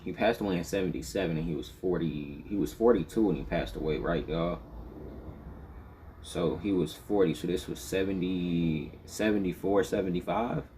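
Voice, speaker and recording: A man hosts a reaction video and thinks aloud in a loose, casual way. His voice is very deep and dark and mellow in tone. A faint hiss sits under it. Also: moderate pace. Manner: thinking aloud, working out dates.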